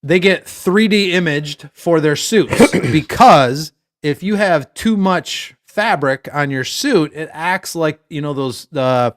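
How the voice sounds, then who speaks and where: A male podcast co-host talking sports in an easygoing, rambling way, tossing in jokes as he goes. His voice sits a bit high for a man. The sound is dry and close, with no room echo. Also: slow, hardly any pauses. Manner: rambling, animated, jokey. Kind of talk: casual sports chat.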